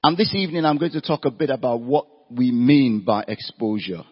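This career speaker has an expressive, husky mid-range voice and talks fairly quickly. During his evening slide seminar he peppers listeners with rhetorical questions and emphasizes key points. The sound is dull and lo-fi, bouncing around an echoey hall.

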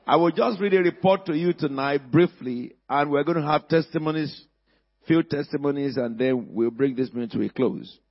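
A man preaching a sermon as pastor, calling on the congregation and rising to shouts. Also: a little high, normal speed, long reverb tail, lo-fi sound. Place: church hall.

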